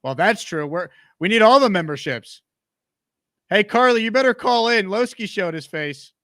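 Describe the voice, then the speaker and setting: Upbeat guy hosting a sports stream, kinda high voice, dry room. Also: lively intonation, normal speed, fairly bright tone, no room sound. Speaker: show host. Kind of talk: live-stream sports talk, reading chat.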